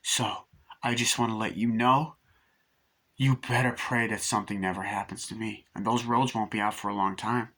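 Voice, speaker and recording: A man's voice: on the low side, steady tone, moderate pace. Annie, a man putting on an obsessive captor. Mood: quietly menacing. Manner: quiet, threatening, with sudden screaming fits. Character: obsessive, menacing woman nurse captor. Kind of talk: retelling a film scene in character.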